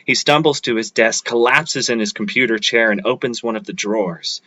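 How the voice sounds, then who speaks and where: A man reading his own short story aloud at an open mic, with a steady, measured delivery. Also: mid-range voice, dry recording. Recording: dull lo-fi livestream audio.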